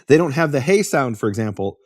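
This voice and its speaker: A man hosts a talk explaining biblical history, lecturing and answering his own rhetorical questions. His medium-pitched voice is sing-song, brisk, and a little mellow, recorded in clean studio sound with no echo.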